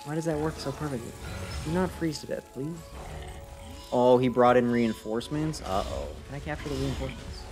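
While streaming a game, a man with a brisk, mid-range voice jokes about his own play and talks back to the characters in a lighthearted, teasing way. Game music runs in the background.

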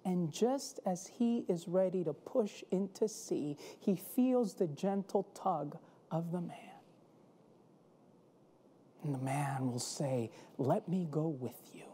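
A woman preaching a sermon in a slow, measured storytelling manner. Her tone is mellow and warm, with dramatic pauses that let each phrase land. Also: on the low side, expressive, breathy edge.

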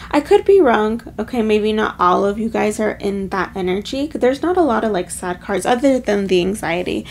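A woman's voice: medium pitch, lively intonation, moderate pace, creaky, darkish tone, slight background noise. A woman giving a casual pick-a-card tarot reading, chatty and emotional, with lots of filler words. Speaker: tarot reader.

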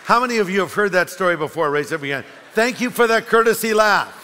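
Bright-voiced pastor preaching in a reverberant hall. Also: male voice, sits high, animated, fast talker, some chatter behind, a little hiss or hum. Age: middle-aged. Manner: storytelling, wry, addresses the congregation. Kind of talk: sermon. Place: large church hall.

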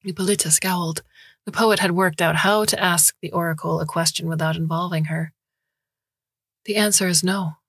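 Low, husky woman narrating a story. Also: steady tone, normal speed, a bit bright, no room sound, clean studio sound. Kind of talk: scripted audiobook narration.

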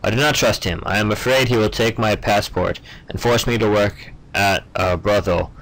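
A man's voice: lowish voice, normal speed, a bit bright, poor audio. A young man giving casual gameplay commentary, stumbling over names and muttering offhand asides. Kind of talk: casual let's-play commentary.

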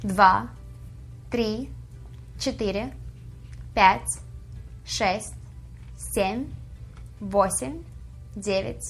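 A woman in a recorded language lesson, drilling phrases with slow repetition. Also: mid-range voice, faint music behind. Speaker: language teacher.

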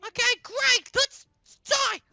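A performer voicing a plush toy character who yells and shrieks frantically through a video game, sounding hoarse after an illness. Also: very high-pitched, fairly even intonation, slow, no echo, soft background music, exaggerated voice. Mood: frantic. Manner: shrieking, frantic yelling while playing. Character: squeaky plush toy character, excitable and panicky. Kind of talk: gaming comedy voice acting.

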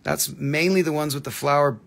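Gravelly, slightly high-voiced man hosting a live rock-sales stream, rambling and chatty, tired from hours live. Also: fairly even intonation, fairly quick, fairly bright tone. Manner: chatty, rambling, puts on crazy accents. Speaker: live-stream mineral seller. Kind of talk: casual live sales chat.

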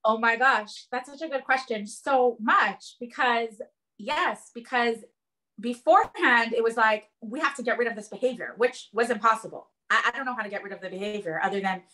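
A woman's voice: fairly high pitch, normal speed. A woman in casual conversation, earnestly telling a parenting story with lots of "like" and "um". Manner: earnest, animated storytelling with many "like" and "um". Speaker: guest sharing parenting experience.

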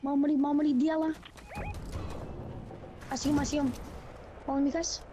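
Woman teammate, high voice, jokey and boastful; gunfire and game noise behind. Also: flat delivery, moderate pace. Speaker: squad teammate. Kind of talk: casual gaming chat.

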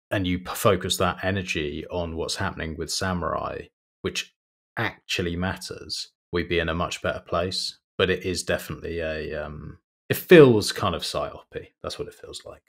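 A man's voice: deep voice, fairly even intonation, normal speed, a bit bright. A man co-hosting a podcast, talking in a blunt, profane, opinionated way in casual chat. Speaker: podcast co-host.

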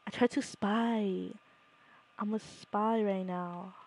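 A young woman streaming a game, chatting playfully and swinging from hushed spy whispers to loud shrieks. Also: medium pitch, fairly even intonation, slow pace. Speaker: gaming streamer. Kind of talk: casual live-stream commentary.

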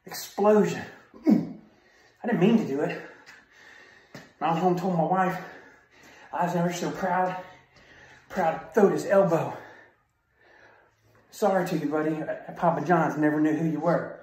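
A man's voice: on the high side, moderate pace, pauses often, a little mellow. A man giving a self-defense training talk as an instructor, in a punchy, emphatic style of short barked phrases. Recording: very echoey room, far from mic.

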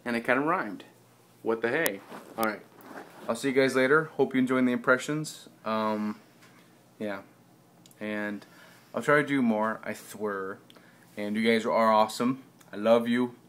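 A man's voice: medium pitch, measured pace, pauses often, fairly bright tone, slight background noise. A man vlogging in a goofy, self-mocking way, recorded in a bathroom. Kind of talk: rambling comic vlog. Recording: echoey bathroom.

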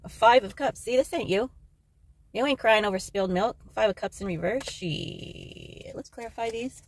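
Gravelly, excitable tarot reader woman. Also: a little high, normal speed, slight background noise. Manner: excitable, swears freely, jokes with viewers. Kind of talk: casual tarot card reading.

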